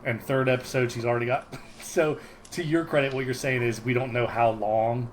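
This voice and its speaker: A man's voice: medium pitch, steady tone, normal speed, a little hiss or hum, rough recording. Rambling man recapping a sitcom. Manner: rambling, many ums and likes, laughs often. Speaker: podcast co-host. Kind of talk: casual chat recapping a sitcom episode.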